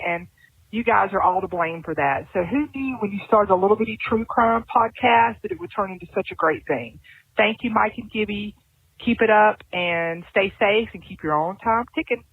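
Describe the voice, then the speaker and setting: A woman's voice: mid-range voice, normal speed, husky, no room sound. A woman from Georgia leaving a heartfelt, grateful voicemail. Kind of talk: voicemail message. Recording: dry, tinny phone line.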